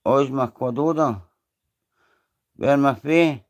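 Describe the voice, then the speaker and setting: A man's voice: mid-range voice, takes it slowly. Rambling Scottish man on a live stream. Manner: rambling, swears freely, greets viewers by name. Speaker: livestream host. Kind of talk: casual live stream chat.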